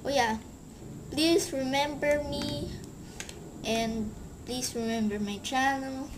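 A woman vlogger giving a halting, emotional thank-you to a friend, searching for her words. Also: high voice, background noise. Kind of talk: heartfelt thank-you vlog.

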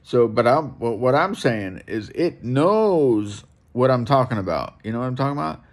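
A man's voice: mid-range voice, expressive, normal speed. A middle-aged man ranting alone in a room at home, blunt and profane, repeating himself as he talks. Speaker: vlogger. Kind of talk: ranting monologue to camera.

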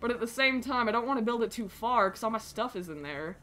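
An American woman streaming a video game with casual, excitable and profane commentary that often rambles. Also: a little high, quick pace, faint music behind.

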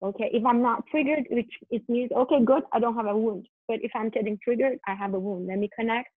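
Earnest higher-voiced woman on a tinny line. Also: quick pace, no echo. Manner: earnest, animated, repeats words and restarts. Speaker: guest, parenting coach. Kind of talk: podcast conversation. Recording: dry tinny phone-line sound.

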